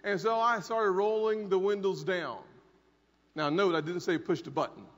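A man's voice: high voice, moderate pace. A man in his forties giving an emphatic conference speech, telling a personal story and repeating key lines from a podium microphone. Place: large conference hall. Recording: dull audio with long hall reverb.

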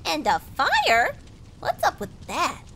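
A woman voicing a chatty, curious female gnome with a shrill, eager voice. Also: huge pitch swings, slow, a bit bright, a little hiss or hum, exaggerated voice. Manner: nosy and bossy.

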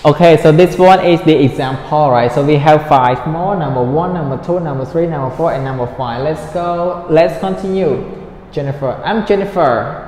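A male English teacher leading an online lesson, speaking slowly and carefully enunciating, repeating words for his students. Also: on the high side, darkish tone, slight background noise. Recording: echoey room with long reverb, faint ambience.

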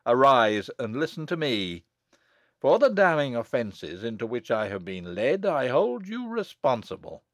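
A man's voice: medium pitch, wildly swooping pitch, moderate pace, hardly any pauses, no room sound. A man reading as a wronged monk who speaks sternly and bitterly in an audiobook. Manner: stern, thundering.

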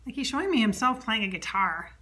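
A woman speaking as a psychic medium, chatty and conversational, passing along what an unseen presence tells her. Her tone is bright and forward, and she often slips into a soft whisper mid-sentence. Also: fairly high pitch, lively intonation, fast. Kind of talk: solo channeling monologue.

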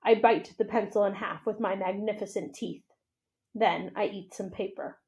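A woman reading a children's novel aloud for a library, with expressive, steady storytelling. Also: mid-range voice, normal speed, creaky.

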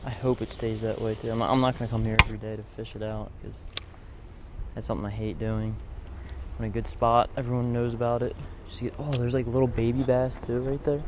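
Man, fishing vlogger, loose rambling talk to viewers, outdoors by a pond with clear background noise. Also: mid-range voice, level tone, brisk. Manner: rambling, talks to viewers and animals. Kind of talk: casual outdoor vlog.

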